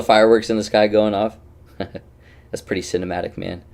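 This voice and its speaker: A man with a very deep voice and a gravelly, fry-heavy edge runs a casual gaming stream. He teases his friends and chat in loose, offhand banter, swearing freely. He sounds close to a headset mic. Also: fairly even intonation, moderate pace, a little mellow.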